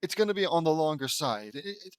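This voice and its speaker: A man's voice: a little high, big pitch swings, normal speed, dry recording. A man reading fan fiction aloud and mocking it with dry, sarcastic asides. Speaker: reader commenting on fan fiction. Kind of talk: sarcastic dramatic reading with commentary.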